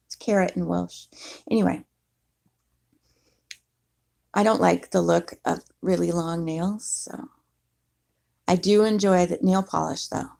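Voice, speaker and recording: A woman's voice: on the low side, vocal fry, darkish tone. A woman vlogger chatting casually and rambling, now and then talking to her cat.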